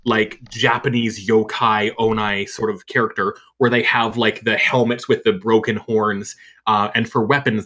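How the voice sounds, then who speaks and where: A man's voice: fairly low pitch, sharp tone. A man narrating as game master of a tabletop game, describing scenes in a rambling way full of fillers.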